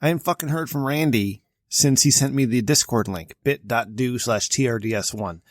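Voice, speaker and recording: A man's voice: medium pitch, moderate pace, no echo, clean studio sound. A man co-hosting a comedy podcast, brash and profane, ribbing his co-host. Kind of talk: casual comedic chat.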